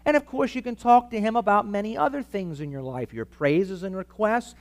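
A man's voice: high voice, brisk. A man preaching to a live church audience in an emphatic teaching style, asking the listeners for amens. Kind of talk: sermon-style teaching talk.

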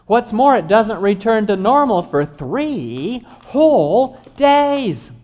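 A middle-aged man, a doctor, giving an animated health lecture with joking asides to his audience. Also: sits high, slow.

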